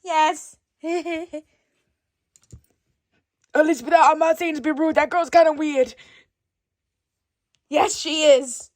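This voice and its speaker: A woman performing an improvised skit, switching rapidly between many bickering characters in different voices. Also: sits high, fairly even intonation, dry recording, clean studio sound. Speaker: storyteller voicing every character. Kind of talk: improvised doll-play skit.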